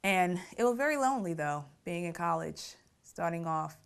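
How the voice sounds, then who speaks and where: A woman's voice: fairly low pitch, expressive, normal speed, gravelly, clear, resonant tone. A middle-aged woman telling her family story in an interview, reflective and often laughing through painful memories. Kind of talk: personal storytelling.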